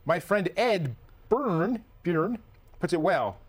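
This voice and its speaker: A man's voice: sits high, very animated, slow pace, slightly rough. A man hosting a casual comedy chat show, with a playful, teasing, rambling way of talking. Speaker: podcast host.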